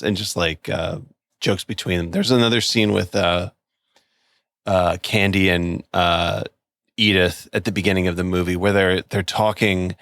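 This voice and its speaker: His voice is low with vocal fry and a bit of brightness as he co-hosts a podcast, chatting loosely about a film, stumbling through fillers and restarts, and performing quotes. No room sound comes through.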